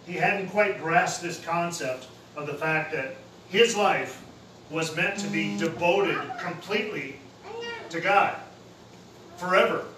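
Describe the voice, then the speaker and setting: A high-voiced man preaches in a plain, casual way, dropping in everyday slang. He is heard from some distance in a roomy hall that echoes. Faint noise sits under his voice. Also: takes it slowly, bright, forceful tone. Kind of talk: sermon.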